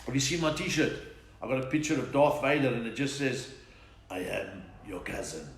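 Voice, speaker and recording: A South African man, a comedian, hosting a live online chat, telling quick-fire jokes and laughing at his own lines. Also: mid-range voice, reverberant. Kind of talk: live stand-up joke session. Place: room at home.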